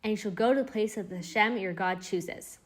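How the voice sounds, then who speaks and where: A woman's voice: mid-range voice, brisk. Earnest woman giving an uplifting Torah class. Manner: earnest, encouraging, repeats phrases for emphasis. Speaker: Torah teacher.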